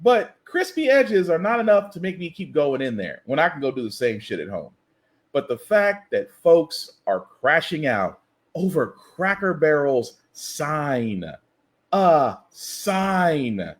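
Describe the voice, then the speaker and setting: Animated man ranting, high expressive voice. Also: takes it slowly. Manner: animated, incredulous ranting with comic asides. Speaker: podcast host. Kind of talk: satirical news commentary monologue. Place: lives in the US South.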